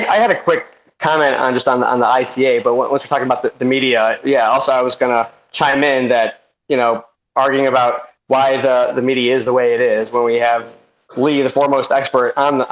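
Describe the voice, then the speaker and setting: A man on a casual group call, speaking haltingly with many restarts. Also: medium pitch, a bit bright, rough recording. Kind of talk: casual chat.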